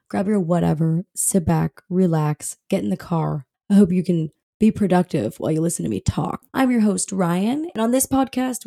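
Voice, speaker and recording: A young woman hosting a podcast, telling a story in a chatty, animated way, recovering from covid. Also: medium pitch, creaky. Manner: chatty, animated, swears casually. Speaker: podcast host. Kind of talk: casual storytelling monologue.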